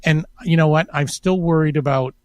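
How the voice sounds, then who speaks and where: A man co-hosting a casual podcast, talking in a halting way with many restarts and fillers. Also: a little high, a little mellow, dry recording. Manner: hesitant, many restarts and "you know". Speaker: podcast co-host. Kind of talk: casual chat.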